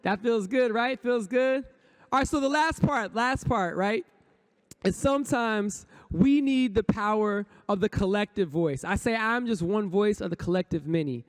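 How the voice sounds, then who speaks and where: A man's voice: high voice, moderate pace. A man, a poet and rapper, giving a motivational conference talk, chanting affirmations rhythmically and leading the audience in call-and-response. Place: conference hall stage.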